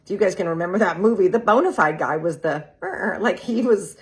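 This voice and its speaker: A woman's voice: medium pitch, expressive, fairly quick, slightly rough. A woman giving a chatty, enthusiastic tarot reading, full of "like" and "right?" and laughing often. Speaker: tarot reader. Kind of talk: casual tarot reading video. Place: real estate group's social video.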